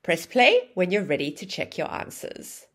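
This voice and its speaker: A woman runs an English grammar lesson, explaining clearly and acting out sample phrases with exaggerated rising and falling intonation. Her voice is on the low side and fairly bright, swooping wildly in pitch at a moderate pace.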